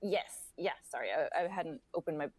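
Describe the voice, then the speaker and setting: A woman's voice: low voice, lively intonation, normal speed, a little mellow, no echo, poor audio. A woman playing a tabletop game, speaking hesitantly with many fillers. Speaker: player. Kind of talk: casual tabletop play.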